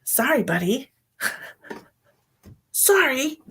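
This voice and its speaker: A woman hosting a live psychic reading stream, chatting casually in an excitable way, with laughs and whispered asides. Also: high-pitched, very slow, slightly rough. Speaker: psychic medium host. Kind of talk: casual livestream chat.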